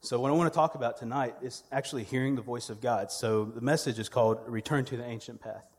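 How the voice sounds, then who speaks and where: A man's voice: mid-range voice, steady tone, fast talker, slightly rough, big-room sound. A man, delivering a sermon as a church media director, conversational and humorous with storytelling. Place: church sanctuary.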